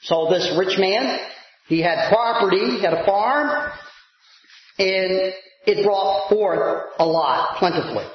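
Animated high-voiced male pastor preaching. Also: slow. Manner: animated preaching, rising to shouts on emphasis. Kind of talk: sermon. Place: church sanctuary. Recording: echoey church hall, dull lo-fi sound.

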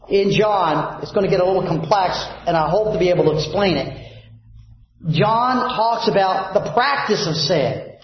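A man preaching a sermon as pastor, who puts fill-in questions to his congregation. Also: high voice. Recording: very echoey, dull lo-fi sound.

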